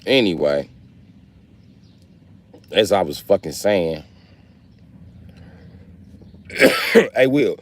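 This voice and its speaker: This livestreamer is a young man whose voice is very low, and he speaks straight to his chat with plenty of swearing. He is very animated yet extremely slow, leaving long pauses as his casual stream rambles easily from story to story without polish.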